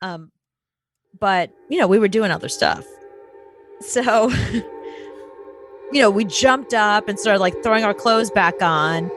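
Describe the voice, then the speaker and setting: A woman's voice: medium pitch, slow pace, long pauses, music in the background. Candid woman telling stories. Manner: candid, storytelling, laughs often. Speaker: co-host. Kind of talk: casual chat.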